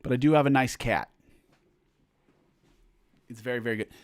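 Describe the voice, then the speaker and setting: A man's voice: medium pitch, normal speed, dry recording. Man, livestream host, reads chat aloud, rambling and chatty, mid-range voice, dry close sound. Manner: rambling, chatty, self-interrupting with fillers. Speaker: musician hosting a livestream for supporters. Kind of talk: casual livestream chat, reading viewer comments aloud. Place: home room indoors.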